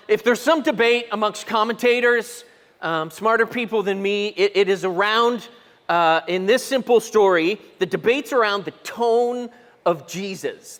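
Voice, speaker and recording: A middle-aged male pastor with a high, light voice preaches in a church auditorium. His words trail off in a long hall reverb. He tells stories with animation, acts out the people in them, and keeps putting questions to the room. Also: a bit bright. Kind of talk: sermon.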